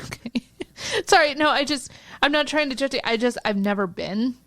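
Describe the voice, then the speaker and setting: A woman's voice: high-pitched, moderate pace, fairly bright tone, no echo. A woman co-hosting a podcast in casual chat, curious and hesitant, with many fillers and easy laughter. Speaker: podcast co-host.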